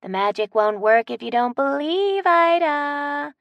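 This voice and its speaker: A woman's voice: high voice, expressive, measured pace, vocal fry, no echo, highs cut off, pitched above the performer's own voice, full character voice. A woman doing a sing-song old herbalist. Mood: sly.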